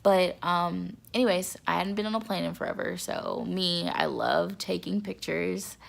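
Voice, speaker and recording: A young woman vlogging in a casual chat to camera, excitable and repetitive, with a stuffy nose. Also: fairly low pitch, unhurried, vocal fry. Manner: chatty, excitable, repeats words for emphasis.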